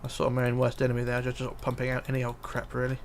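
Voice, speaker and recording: Talking quickly in a monotone, medium-pitched voice, this livestreamer reads chat comments and mumbles to himself while building, hesitating with fillers. There's slight background noise.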